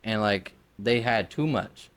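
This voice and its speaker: A podcast co-host tells a long, rambling story in casual conversation, packed with fillers, swearing, and constant use of "like." His voice sits on the low side, slow and smooth with a slightly bright quality.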